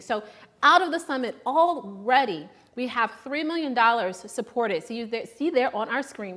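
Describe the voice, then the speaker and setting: A woman's voice: a little high, a bit bright. A young adult woman hosting a live shopping show, chatting casually and upbeat, often restarting her sentences.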